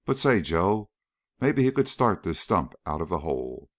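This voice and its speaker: A man's voice: low voice, big pitch swings, moderate pace, dry recording, studio quality. A man voicing a big, scornful young backwoods farmhand with a folksy drawl.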